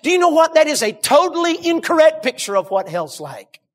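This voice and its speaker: A man preaching a sermon, telling a story dramatically and dropping to hushed tones, addressing the congregation directly. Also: extremely high pitch, sing-song, brisk.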